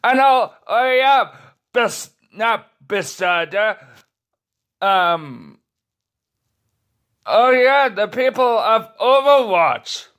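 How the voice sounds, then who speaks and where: A man's voice: sits high, lively intonation, extremely slow, long pauses, a bit bright, clear, resonant tone. A man delivering a furious, profanity-filled rant to the camera, swearing nonstop and tripping over his words. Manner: furious, swearing constantly, stumbling restarts.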